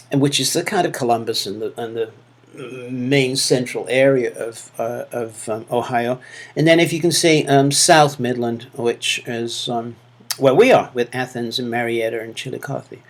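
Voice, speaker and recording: Hesitant Manchester-accented male lecturer. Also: mid-range voice. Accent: Manchester English. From England. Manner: hesitant, many fillers and restarts. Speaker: university lecturer. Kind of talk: recorded lecture feedback.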